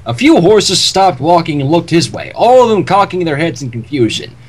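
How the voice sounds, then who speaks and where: A man's voice: a little high, normal speed, breathy edge. A man reading a comedy fanfic aloud on a livestream, joking about the text as he goes. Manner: lively reading, laughs at the text. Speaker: fanfic reader.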